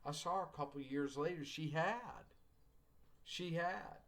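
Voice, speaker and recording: A man's voice: on the high side, unhurried, fairly bright tone. A middle-aged man teaching a writing class, telling casual anecdotes and acting out the dialogue in them. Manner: folksy storyteller, acts out quoted dialogue, joking asides.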